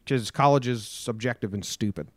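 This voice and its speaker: A man's voice: mid-range voice, fairly quick, no room sound. A young man co-hosting a casual podcast, laid-back and wry, swearing now and then. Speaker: podcast co-host. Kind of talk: casual chat.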